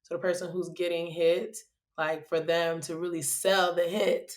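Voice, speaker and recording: A woman actor chatting as a podcast guest, telling stories with lots of laughter and animated delivery. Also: on the low side, normal speed. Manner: laughs often, animated storytelling. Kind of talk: casual interview chat.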